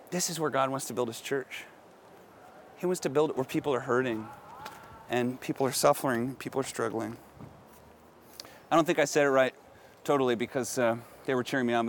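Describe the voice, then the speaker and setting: A middle-aged pastor preaching outdoors, earnest and musing aloud with questions. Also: male voice, mid-range voice, a little hiss or hum. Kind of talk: outdoor sermon. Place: outdoors at a historic site.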